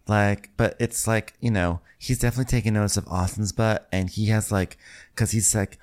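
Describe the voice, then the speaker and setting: A man's voice: low-pitched, brisk. A man co-hosting a casual comedy recap, rambling and self-deprecating, often laughing at his own stories. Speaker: podcast co-host.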